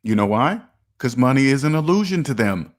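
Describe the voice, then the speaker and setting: A middle-aged man talks straight to his viewers about money in a loose, casual monologue. He hammers on his points and repeats them, now and then slipping into little made-up street dialogues. His voice sits at an ordinary pitch for a man. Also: sing-song, fairly quick. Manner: repetitive, emphatic, acts out imagined street conversations. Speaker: personal finance video host.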